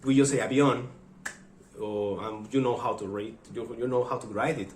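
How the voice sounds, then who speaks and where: A man's voice: mid-range voice, normal speed, roomy sound, a little hiss or hum. A Spanish-speaking man from Mexico with a Mexican accent, chatting casually on his vlog and acting out funny little exchanges. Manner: animated, acts out funny quoted exchanges. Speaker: vlogger. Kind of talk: casual chat.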